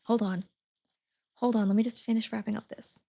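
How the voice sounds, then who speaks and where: A woman's voice: fairly high pitch, fairly even intonation, fairly quick, vocal fry, dark tone. A woman livestreaming from home, chatting casually and laughing as she reads and answers her chat while packing. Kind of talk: casual live-stream chat.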